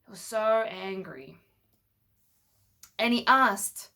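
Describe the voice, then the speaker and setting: A woman's voice: medium pitch, slow pace, fairly bright tone. A woman telling a Bible story to children with toy figures, patiently asking them questions as she goes. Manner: patient, asks the listener questions.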